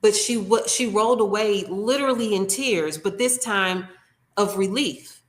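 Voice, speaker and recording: In an echoey room, a female nail technician shares a heartfelt story during an interview at an unhurried pace in a mid-range voice. She speaks earnestly, often restarts, and performs the quotes of people she mentions.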